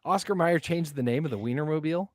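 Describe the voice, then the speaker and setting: A man's voice: a little high, fast, no echo. A man on a sports podcast panel, joking and playful through the banter. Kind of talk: casual sports podcast chat.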